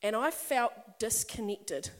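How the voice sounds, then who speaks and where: Middle-aged female preacher, high voice, warm-chatty storytelling that swells into emphatic appeals. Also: lively intonation, slow. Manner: conversational and personal, building to emphatic passages. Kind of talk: sermon. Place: church or meeting hall with a congregation.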